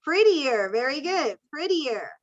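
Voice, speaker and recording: A woman with a high, sing-song voice teaches an online ESL class at a measured pace, patiently calling on students. She is encouraging and switches between English and Spanish explanations. The audio comes through a video call and sounds dull and lo-fi.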